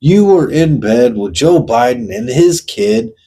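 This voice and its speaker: A man's voice: medium pitch, sing-song, measured pace, mellow, breathy edge, rough recording. A man hosting his own show, venting in a blunt, profane monologue and firing pointed questions straight at the person he is addressing. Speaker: host. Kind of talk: ranting monologue.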